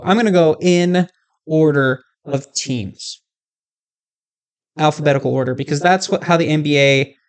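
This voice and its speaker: A man hosting his own podcast, chatting casually and with animation, often checking in with the listener. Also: on the high side. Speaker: podcast host. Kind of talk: casual solo podcast chat.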